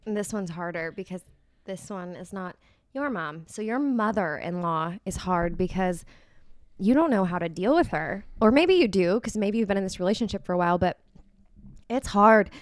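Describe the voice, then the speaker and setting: A woman's voice: medium pitch, moderate pace, dry recording. A young woman co-hosting a podcast, chatting casually and acting out little quotes as she talks. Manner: chatty, animated, full of acted-out quotes. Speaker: podcast co-host. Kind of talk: casual chat about wedding planning.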